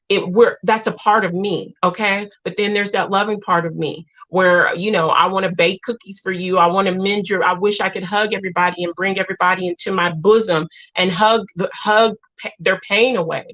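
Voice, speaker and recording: A woman's voice: medium pitch, bright, forceful tone. A woman hosting a livestream, talking to viewers in a rambling, heartfelt way with lots of restarts. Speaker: live stream host. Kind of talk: emotional livestream chat with viewers. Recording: dull lo-fi stream audio.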